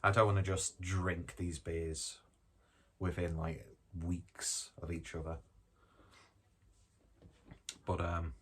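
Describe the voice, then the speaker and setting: A man's voice: low-pitched, level tone, slow pace, pauses often, slight background noise. A man reviewing a beer in a casual, rambling way, joking about himself and swearing now and then. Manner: rambling, jokey, self-deprecating, swears casually. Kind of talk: casual tasting chat.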